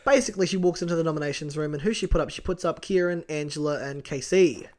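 A chatty young man with a somewhat high voice, co-hosting a loose podcast. He jokes around and keeps steering the conversation back on track. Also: fast talker, a little mellow. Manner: chatty, jokey, steers the show. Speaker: podcast co-host. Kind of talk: casual reality-TV recap chat.

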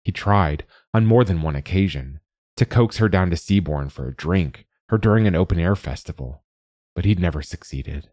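Very deep-voiced male storyteller. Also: expressive, normal speed, a little mellow, dry recording. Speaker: narrator. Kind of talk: scripted story narration.

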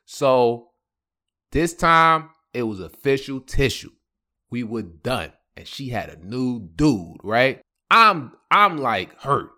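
A man telling a personal story on his podcast, casual and animated, acting out the other people in it. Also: medium pitch, takes it slowly. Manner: animated, acts out quoted voices, laughs often. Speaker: podcast host.

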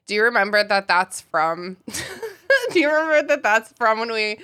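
A woman's voice: a little high, very animated, moderate pace, bright, forceful tone. A woman in her late twenties co-hosting a podcast, giggly and jokey in an irreverent, casual chat. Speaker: podcast co-host.

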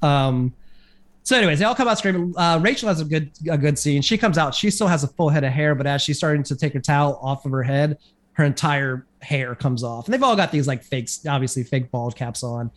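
Fairly high in pitch and brisk, this man chats casually on a podcast about a TV episode. He rambles through the recap, leaning heavily on filler words.

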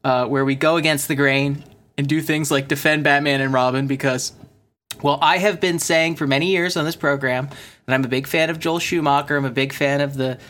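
A man's voice: a little high, steady tone, fairly quick, a bit bright. A man hosting a casual movie podcast, rambling and interrupting himself, laughing often. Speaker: podcast host. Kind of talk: casual chat.

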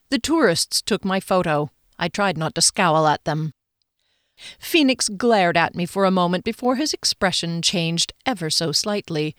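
Woman, audiobook narrator, wry first-person reading, lowish voice, dry sound. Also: expressive, measured pace, fairly bright tone, no echo. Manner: wry, self-mocking.

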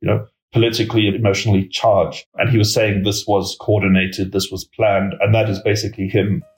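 A man explains his analysis in a measured, conversational way, padding his sentences with hedges and fillers. His voice sits on the low side. The recording carries a noticeable roomy echo. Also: little pitch movement. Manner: measured, hedging with many fillers. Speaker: political risk analyst guest. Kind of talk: conversational expert commentary.

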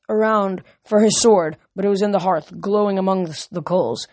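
A woman's voice: medium pitch, steady tone, normal speed, few pauses, a little mellow. A woman reading a novel aloud, now and then stumbling and restarting a word. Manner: reads with small slips and restarts. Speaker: audiobook reader.

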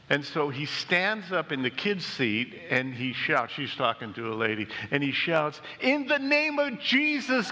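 A man pastor preaching a sermon, reading scripture and telling stories in an animated way, rising and dropping as he talks. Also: medium pitch, big-room sound, low-quality recording. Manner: animated preaching that swings between lively and hushed. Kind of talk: sermon with storytelling.

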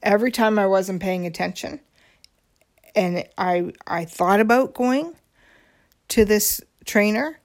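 A woman's voice: medium pitch, takes it slowly, pauses often. A woman hosting a podcast, telling a personal story in a candid, confiding way, with frequent ums and restarts. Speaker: podcast host.

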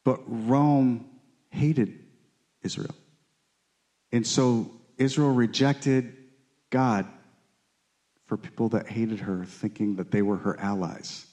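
Slow and warm, with a steady tone and long pauses, a man teaches Bible study in an informal, conversational sermon style. He's earnest, often asks "right?" or "okay?", and lifts his pitch pleadingly when acting out quotes.

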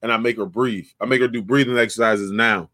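A young adult man chatting casually, telling an animated, profane story and laughing often. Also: lowish voice, fairly quick, no echo, studio quality.

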